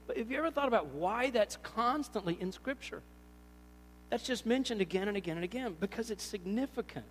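A man preaching a sermon, animated and storytelling, acting out little scenes in different voices. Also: high voice, big-room sound, slight background noise. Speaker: pastor.

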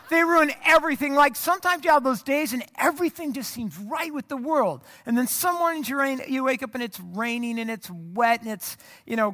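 This male pastor from America has a very high, pushed, bright voice. He preaches casually in a storytelling way, poking fun at himself and speaking directly to the congregation.

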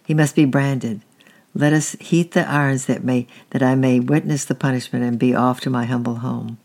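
A storyteller voicing a fawning, greedy old goldsmith who whines and insists, in a gravelly voice. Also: mid-range voice, fairly even intonation, moderate pace, a little mellow, close to an everyday voice. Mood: whining.

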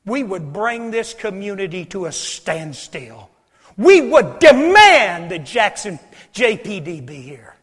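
A man's voice: sits high, sing-song, slow pace, breathy edge. Preaching man in a reverberant church. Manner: swings from loud preaching to hushed near-whispers. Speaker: pastor. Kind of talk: sermon. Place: church sanctuary.

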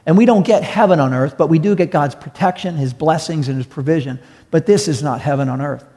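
A man preaching a sermon in a fairly high voice. He talks to the congregation conversationally, repeats his words and keeps asking rhetorical questions. A long reverb trails behind him in a church hall. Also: a little fast, warm tone. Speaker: pastor.

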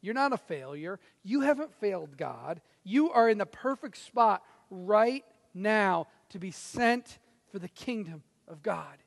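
High-voiced preacher with gravelly edge. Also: male voice, animated, a little slow. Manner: dramatic, swings from loud to hushed, acts out quotes. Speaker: pastor. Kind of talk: sermon. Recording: reverberant hall.

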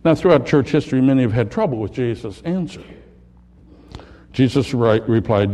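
A man preaching a sermon, dramatically swinging between loud, emphatic lines and hushed, low ones. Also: lively intonation, normal speed, long pauses.

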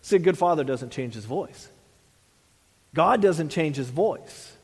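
A man's voice: on the high side, expressive, measured pace, a little mellow, husky, in a large hall. A man preaching a sermon as a pastor, earnest, restarting phrases and dropping in "you know" asides.

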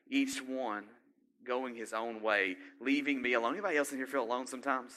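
A middle-aged man preaches in a chatty, conversational way and keeps putting questions to his listeners. His voice is bright and forceful, and his pitch sits in the middle of the range. Now and then he builds to loud, driving exhortation. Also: steady tone, brisk. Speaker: pastor. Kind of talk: sermon.

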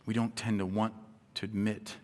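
Impassioned preacher in a reverberant hall. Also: male voice, on the low side, little pitch movement, normal speed. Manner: impassioned, swings from hushed to near-shouting. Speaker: pastor. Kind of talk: sermon.

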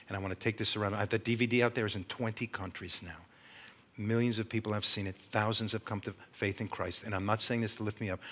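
A middle-aged man preaching a testimony sermon, telling his story dramatically and swinging from hushed, low passages to loud, urgent ones. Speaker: Christian speaker and former teacher.

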